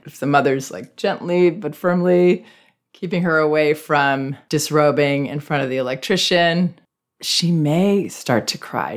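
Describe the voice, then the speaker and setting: A woman hosting a parenting advice podcast, speaking gently and reflectively as she talks through a child's behavior. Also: low-pitched.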